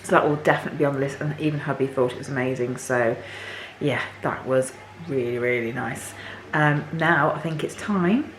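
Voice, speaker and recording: A woman vlogging casually to camera in her home kitchen, chatty and a little hoarse. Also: fairly quick. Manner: chatty, talks to her dogs in a high sing-song voice. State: voice a bit hoarse. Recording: echoey kitchen, faint background noise.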